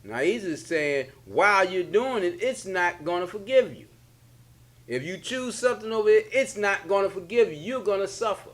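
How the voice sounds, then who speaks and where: A man's voice: sits high, expressive, moderate pace. A man, a religious leader giving a casual spiritual teaching, repeating his points in colloquial speech. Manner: preachy, repetitive, colloquial. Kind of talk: spiritual teaching in a sit-down talk.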